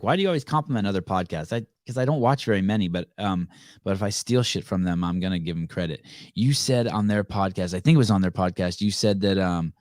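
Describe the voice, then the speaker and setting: A man hosting a podcast in casual chat, excitable and swearing freely, often trailing off into fillers. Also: lowish voice, dry recording, studio quality. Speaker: podcast host.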